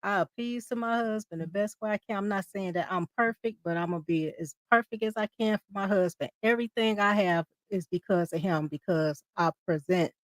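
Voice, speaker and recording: A woman's voice: lowish voice, a little mellow, dry recording. A married woman speaking as a panel guest in casual chat, confident and emphatic.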